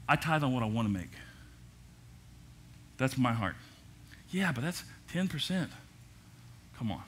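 An older man, a pastor, preaching a sermon at a church service in a lively way, with jokes and asides. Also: mid-range voice, slightly rough.

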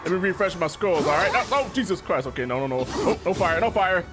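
A man giving excitable, slangy commentary while playing a video game, yelling and calling everyone bro. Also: sits high, quick pace. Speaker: gaming streamer. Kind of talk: gameplay commentary. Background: game music.

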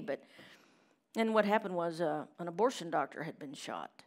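A middle-aged woman preaching a sermon in a church chapel, telling stories with loud emphasis and hushed asides. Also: on the low side, lively intonation, moderate pace.

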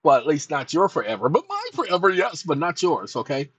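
A man's voice: on the high side, huge pitch swings, a little fast, a bit bright, slight background noise. A man hosting a video channel, talking straight to his viewers in a casual, rambling, repetitive way. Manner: chatty, repetitive, addresses viewers directly. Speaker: channel host.

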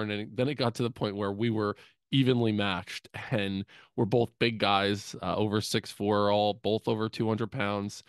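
A man with a lowish voice shares affectionate, humorous memories as a eulogy on his podcast. He speaks into a studio mic, and the sound is close and dry with no room echo. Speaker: podcast co-host. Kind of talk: eulogy told as personal stories.

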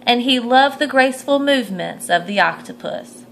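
Woman, storyteller, children's picture book, asks questions, points at pictures, fairly high voice. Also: lively intonation, normal speed, vocal fry, fairly bright tone, a little hiss or hum, low-quality recording.

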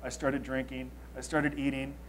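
A man in his thirties from Los Angeles, telling a confessional story to an audience. He swings between loud emphasis and quiet asides. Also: medium pitch, little pitch movement, moderate pace. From Los Angeles, United States. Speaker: speaker.

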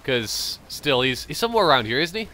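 A man's voice: a little high, sing-song, fairly quick, bright, forceful tone, slight background noise. A young man with a light Canadian accent, rambling chattily as he comments on his own gameplay. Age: young adult. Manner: rambling, chatty, thinking aloud. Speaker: gamer commentator.

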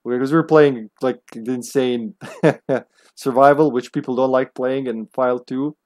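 A man live-streaming a video game, chatting casually, laughing often and greeting viewers loudly by name. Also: mid-range voice, fairly even intonation, unhurried.

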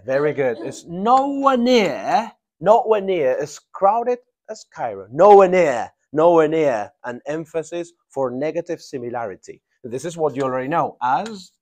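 A man's voice: a little high, a little mellow. Man teaching an English grammar class. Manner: drawn-out emphatic prompting of students.

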